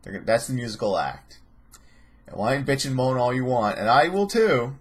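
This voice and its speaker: A man's voice: medium pitch, expressive, moderate pace, husky. A man hosting a casual vlog who rambles with profane sarcasm. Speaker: host.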